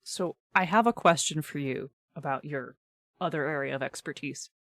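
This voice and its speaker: A woman's voice: sits low, moderate pace, no room sound. A woman hosting a podcast, chatting casually about tabletop games; she laughs often and slips in dry sarcasm. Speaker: podcast host.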